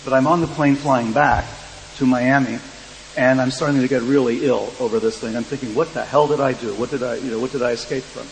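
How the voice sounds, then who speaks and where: A man's voice: medium pitch, fairly even intonation, fairly quick. Man, mid-range voice, wry panel storyteller, reverberant hall with a faint hum. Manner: dry, wry storytelling with quoted dialogue. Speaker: panel speaker. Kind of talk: storytelling anecdote to an audience.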